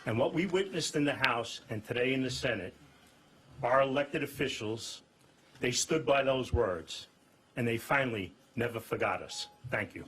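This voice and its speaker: A man's voice: mid-range voice, normal speed, fairly bright tone, slight background noise, low-quality recording. A man, a fire officers' union president, giving a rousing, rhetorical speech at a press conference.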